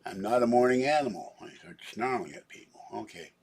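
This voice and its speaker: A man's voice: medium pitch, animated, fairly quick, darkish tone, breathy edge. A man vlogging in a rambling, casual chat, grumbling and chuckling to himself.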